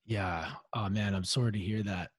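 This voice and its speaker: A man's voice: on the low side, fairly even intonation, moderate pace, no room sound, clean studio sound. A man hosting a podcast, asking long, loosely strung questions. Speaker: podcast host. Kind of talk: podcast interview.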